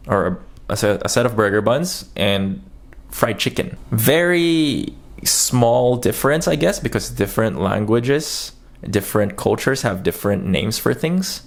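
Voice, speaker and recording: A man's voice: on the low side, lively intonation, a little slow. A man from the Philippines with an American accent, telling stories in a casual vlog and acting out the quotes. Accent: American English. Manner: chatty storytelling, acts out quotes. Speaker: YouTuber.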